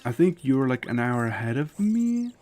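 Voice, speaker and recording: A man's voice: medium pitch, sing-song, normal speed, a little mellow. A man in the middle of his vocal range who chats casually on a live stream while gaming. His talk rambles and is packed with "like" fillers, and he speaks his opinions bluntly. A faint hiss sits under the voice. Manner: rambling, loose, with constant "like" fillers; opinionated and candid.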